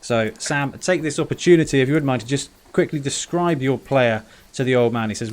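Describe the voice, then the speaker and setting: A man narrating a tabletop role-playing game as game master, casual and brisk with fillers. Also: mid-range voice.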